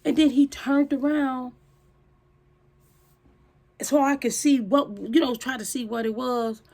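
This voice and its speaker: Animated profane woman telling a story. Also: high voice, measured pace. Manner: animated, blunt and profane, addresses viewers as y'all. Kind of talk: casual storytime.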